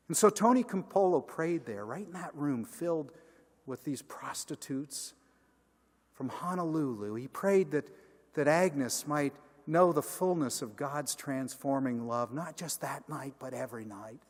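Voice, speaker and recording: Senior pastor in a sermon, animated storyteller, fairly high voice, big church reverb. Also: male voice, unhurried. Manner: animated, acts out every character. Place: large church sanctuary.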